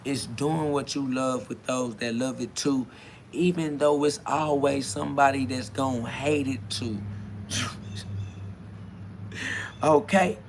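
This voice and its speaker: A man's voice: medium pitch, steady tone, slow, long pauses, slight background noise. A man hosting a solo self-talk podcast, rambling loosely in with frequent laughs. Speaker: podcast host.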